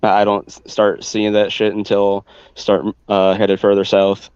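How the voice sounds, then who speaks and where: A man's voice: fairly low pitch, completely flat delivery, unhurried, a little mellow, clean tone, dry recording, dull audio. A man chatting loosely on a podcast, rambling and swearing as he tells crude jokes. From western Pennsylvania. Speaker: podcast co-host. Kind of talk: casual chat, telling crude jokes.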